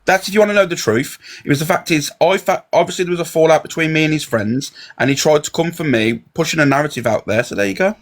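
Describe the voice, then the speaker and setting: A man's voice: fairly high pitch, fast, hardly any pauses. A man ranting in a heated live chat, confrontational and swearing. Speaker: live stream guest.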